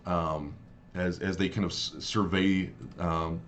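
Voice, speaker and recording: A man with a very low, deep voice narrates a tabletop adventure as game master. He talks in halting bursts, full of ums and restarts. A faint hiss of ambient noise sits under the recording. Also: level tone, a bit bright, highs cut off. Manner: halting, many fillers and restarts.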